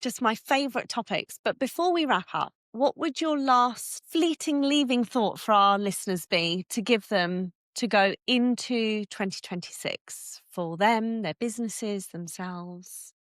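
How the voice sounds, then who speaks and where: A woman hosting a business podcast, encouraging her guest with quick affirmations and wrapping up the interview. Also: a little high, a bit bright, no echo, studio quality. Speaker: podcast host and business coach.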